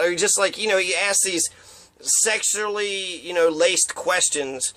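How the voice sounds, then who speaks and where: A man's voice: high-pitched, a little slow, bright, forceful tone. A man giving a rambling, profane monologue of opinions, now and then acting out quotes in mocking voices. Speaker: commentator.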